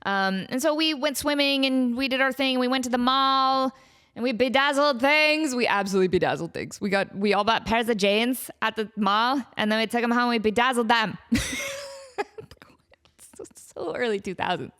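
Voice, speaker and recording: A woman in her thirties hosts her own podcast, telling stories in a lively, rambling way. Her voice sits a little high, and she fills it with likes and ums. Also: moderate pace, clean tone. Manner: animated, chatty, with many likes and ums. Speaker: podcast host. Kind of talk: casual storytelling.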